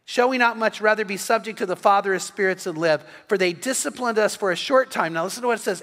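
A man's voice: high voice, bright, forceful tone, in a large hall. A middle-aged man preaching an evening sermon as pastor, earnest and often repeating words as he starts a phrase.

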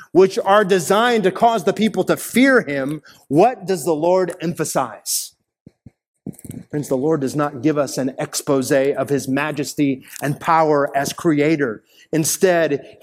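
Male pastor, fairly high voice, earnest sermon delivery, long church-hall reverb. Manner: earnest preaching with rising emphatic peaks.

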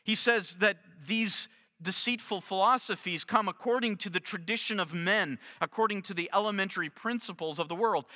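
A man preaching in a high, very bright voice that rings out with long reverb around him. He speaks earnestly, slowing down to stress key words and often restarting his phrases. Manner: earnest, with frequent restarts and slow emphatic phrasing. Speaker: pastor. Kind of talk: expository sermon.

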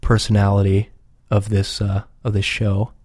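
A man with a lowish, warm, mellow voice, rambling loosely and cursing often as he chats on his own show. His delivery is relaxed and unpolished, recorded close and dry with no room sound. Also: normal speed, husky, no room sound. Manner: profane, rambling, laid-back. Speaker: podcast regular. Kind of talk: casual rambling chat.

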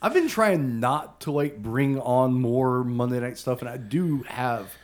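A man's voice: mid-range voice, lively intonation, measured pace. A man co-hosting a casual beer podcast, joking around playfully. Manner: playful, jokes, bursts into mock singing. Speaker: podcast co-host. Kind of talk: casual beer-review banter.

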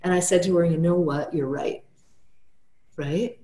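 A woman's voice: fairly low pitch, a little slow, mellow, echoey room. A woman therapist telling a client story in casual podcast talk, tagging nearly every sentence with "right?" and "you know".

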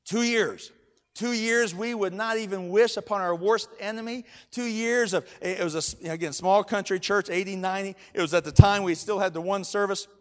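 A high-pitched middle-aged man preaching in a church, circling back on his phrases as he tells a story. His voice swells into loud, emphatic declarations. It rings with the long reverb of a large hall. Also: fairly even intonation, normal speed. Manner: storytelling preacher, repeats words, rising to loud emphatic shouts. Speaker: pastor. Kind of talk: sermon.

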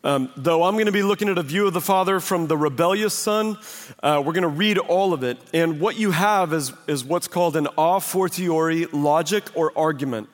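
A man's voice: on the high side, moderate pace. A man preaching a sermon as pastor, conversational and emphatic, full of rhetorical questions. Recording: long hall reverb.

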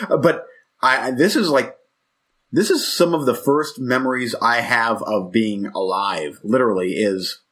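Husky guy in his 40s on a podcast, rambly, keeps restarting his sentences. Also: medium pitch, measured pace, a bit bright. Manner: rambling, reflective, self-interrupting. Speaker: podcast co-host. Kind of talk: casual chat.

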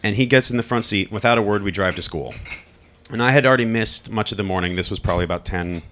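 A man's voice: on the low side, fast talker, fairly bright tone, a little hiss or hum. A man from Long Island telling a personal story live, candid and wry, swearing freely. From Long Island, New York.

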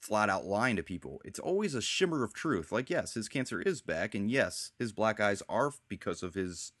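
A man's voice: lowish voice, very animated, normal speed, a bit bright, no room sound, clean studio sound. A man hosting a casual chat, rambling as he recaps TV scenes and quotes the characters' lines. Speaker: podcast host.

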